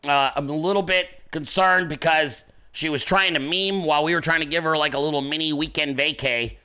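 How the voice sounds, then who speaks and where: A man hosting his own show, chatting casually in a rambling, profane, excitable way. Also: a little high, fairly quick, clear, resonant tone. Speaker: podcast host. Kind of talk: casual chat.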